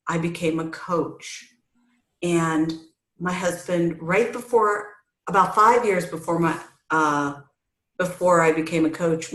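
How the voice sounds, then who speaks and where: A middle-aged woman coach telling her story in an interview, animated and acting out the voices she quotes. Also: fairly low pitch. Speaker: family recovery coach, guest. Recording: roomy echoey sound.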